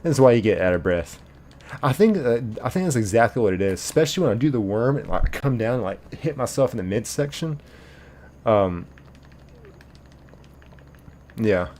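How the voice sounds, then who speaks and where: A man hosting a casual live stream, reading viewer comments aloud in an animated way, laughing easily and thanking viewers by name. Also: mid-range voice, brisk, a little hiss or hum. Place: apartment bedroom.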